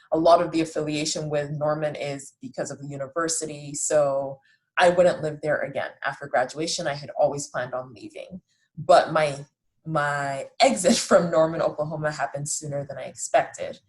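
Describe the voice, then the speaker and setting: A woman in her late twenties hosts a podcast, and her voice sits low for a woman. She tells her own story in a loose, chatty way, poking fun at herself and often restarting sentences as she goes. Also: rough recording. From raised in the Netherlands. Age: late 20s. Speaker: podcast host. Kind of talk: casual personal storytelling.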